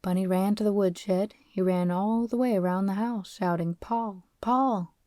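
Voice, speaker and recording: A woman narrating a novel as an audiobook, reading in a steady, expressive way. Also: medium pitch, moderate pace, dry recording, clean studio sound.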